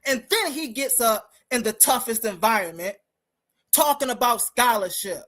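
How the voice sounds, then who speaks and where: A woman's voice: fairly high pitch, fairly bright tone. A woman hosting a live-stream commentary, talking in an emphatic, combative way and speaking straight to her listeners. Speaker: host.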